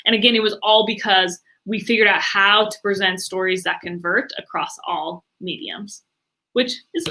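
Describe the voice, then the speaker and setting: A woman guest in an interview, talking with lots of fillers and acting out other people's reactions in quick quoted voices. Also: mid-range voice. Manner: animated, many fillers, acts out quoted reactions. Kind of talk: enthusiastic interview talk.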